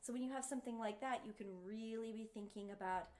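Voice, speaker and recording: A woman's voice: a little high, fast talker. A woman giving a singing lesson, encouraging her students and showing them the sounds with sung vowels. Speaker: voice teacher.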